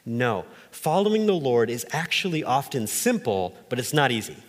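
A man preaching from a church stage in a loose, conversational way, his voice sitting at an ordinary middle pitch. He is animated and breaks off into quick asides. His voice carries a long reverb tail from the hall around him. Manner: animated, lively delivery with jumps in pitch and asides. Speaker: pastor. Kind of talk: conversational sermon.

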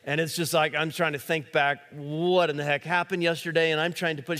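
Brief: male pastor, slightly high voice, chatty sermon delivery, long hall echo. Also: level tone, a little fast, fairly bright tone. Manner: conversational preaching with many fillers and restarts.

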